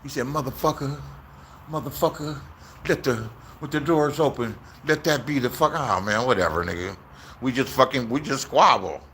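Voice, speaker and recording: A man's voice: medium pitch, normal speed, a bit bright, a little hiss or hum. A man in his sixties from Inglewood, telling rambling, profane stories in a casual vlog and acting out the voices he quotes, recorded outdoors. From Inglewood, Los Angeles, USA. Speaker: YouTuber.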